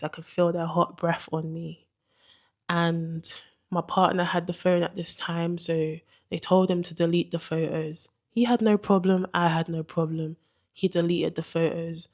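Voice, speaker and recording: Animated young woman, low voice. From England. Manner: animated, slangy, dramatic retelling. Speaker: vlogger. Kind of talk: storytime narration.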